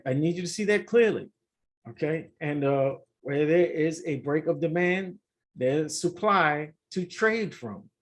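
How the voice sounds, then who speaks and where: A man with a fairly high voice hosts a casual trading video. He walks through his charts in an animated way, repeating points and talking straight to his viewers. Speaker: forex trading channel host. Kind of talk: casual screen-share market review.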